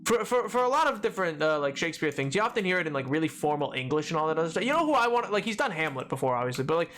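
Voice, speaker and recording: A game streamer rambles through a casual live-stream chat, full of restarts, fillers and repeated words. The pitch bounces around a lot as the voice moves, playful and loose. Music runs steadily behind the talk. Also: very animated, racing, fairly bright tone.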